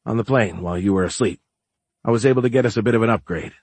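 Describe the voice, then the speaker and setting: A man voicing a weary adult businessman husband who is earnest and dryly playful, speaking in an understated, soft-spoken way. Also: fairly low pitch, fast talker, no room sound. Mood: teasing.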